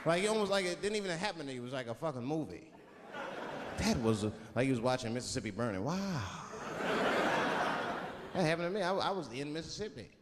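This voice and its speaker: A man doing stand-up, telling a profane story with animated asides. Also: fairly high pitch, fast, long pauses, big-room sound. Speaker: stand-up comedian. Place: comedy club stage. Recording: live club set with noisy audience. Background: audience laughter and chatter.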